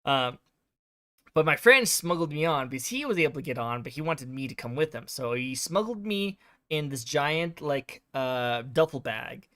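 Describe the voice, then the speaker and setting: A man's voice: medium pitch, lively intonation, normal speed, sharp tone, dry recording, clean studio sound. A male streamer casually recapping a game's story, rambling with lots of fillers. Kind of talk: casual game recap chat.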